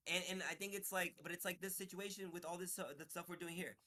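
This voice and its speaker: Stammering, bright-voiced man talking. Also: high-pitched, level tone. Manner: halting, stammering restarts, profane, heated. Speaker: interview guest. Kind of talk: casual chat.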